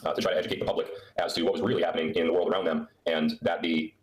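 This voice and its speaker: Speaking at a racing pace in a low voice with little pitch movement, a man hosts a live Q&A from his laptop in an indoor room on a trip. He rambles and jokes sarcastically with viewers. Picked up by the laptop mic, the audio is poor and echoey.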